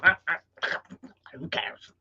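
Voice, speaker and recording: A sulky fisherman who has caught nothing all day stammers and mutters to himself in a half-whisper, as a man puts him on. The voice sits a little low and drifts away from the mic. It comes through a muffled, lo-fi livestream. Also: slow, close to an everyday voice. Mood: grumbling. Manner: stammering, muttering under his breath. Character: grumbling frustrated male fisherman, empty-handed.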